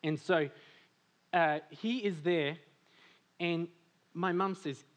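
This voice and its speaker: A man from Australia preaching a sermon, animated and full of stories, laughing often and saying "like" a lot. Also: a little high, slow, long pauses, dull audio. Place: church service.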